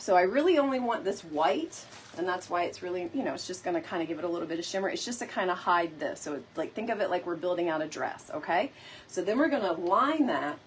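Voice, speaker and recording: A woman's voice: on the low side, a little hiss or hum. Chatty woman hosting a craft stream. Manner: chatty, playful, addresses viewers often. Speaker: DIY decor host. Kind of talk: casual live crafting chat.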